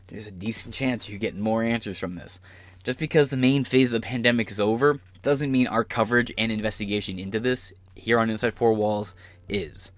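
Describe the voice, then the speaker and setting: A man's voice: lowish voice, dry recording. A man hosting a political commentary podcast, ranting in a profane, sarcastic, rambling way. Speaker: podcast host.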